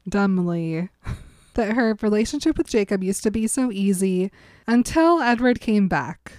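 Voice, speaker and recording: A woman's voice: mid-range voice, lively intonation, measured pace, darkish tone, dry recording. A woman casually recapping a novel's scenes for a co-host, dropping into quoted lines with wry commentary. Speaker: co-host reading a book aloud. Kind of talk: casual book chat podcast.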